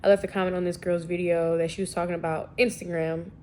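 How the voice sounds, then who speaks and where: A woman's voice: on the low side, little pitch movement, fast talker, mellow, slight background noise. A young woman vlogging in a casual, rambling and slangy way, a little sniffly from allergies. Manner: chatty, rambling, slangy and self-deprecating. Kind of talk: casual vlog chat.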